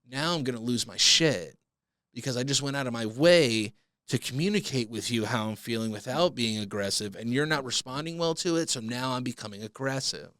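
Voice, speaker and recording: A man's voice: medium pitch, a bit bright, no room sound. A man hosting a comedic solo podcast, ranting in a profane, mock-outraged way. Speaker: podcast host.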